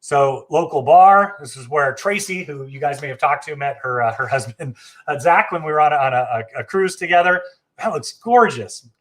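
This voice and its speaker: A man's voice: fairly high pitch, animated, normal speed, a bit bright. A man hosting a casual travel live stream, chatty and enthusiastic, with frequent fillers and self-corrections. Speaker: travel agency host.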